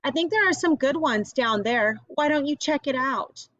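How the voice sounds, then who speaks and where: A mean, bossy schoolgirl, as a woman reader puts her on, barking orders in a sneering tone. Her voice is raised in pitch and sounds close and dry. The recording is somewhat dull and lo-fi. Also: animated, moderate pace, fairly bright tone, dry recording.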